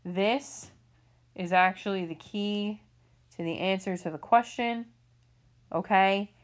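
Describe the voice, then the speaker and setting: A woman with a mid-range voice speaks slowly as she leads students through reading questions in a recorded remote lesson. This English teacher explains patiently and keeps asking "okay?".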